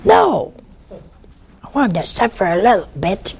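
A woman voicing an indignant, resentful widow, with a slow, creaky voice. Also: medium pitch, huge pitch swings, slight background noise, full character voice.

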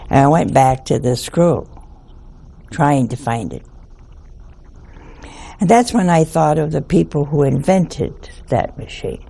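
An older woman, a nun, telling a humorous story in a slow, folksy manner. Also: deep voice, lively intonation, gravelly, dark tone, breathy edge. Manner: slow, folksy anecdotal delivery.

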